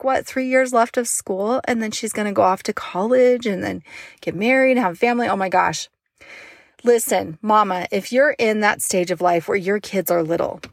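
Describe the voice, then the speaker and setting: A woman's voice: mid-range voice, gravelly, no room sound, studio quality. A woman in her thirties from Utah, talking straight to her viewers in a chatty, emotional personal vlog. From Utah, United States. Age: 30s. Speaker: mom vlogger and online business owner.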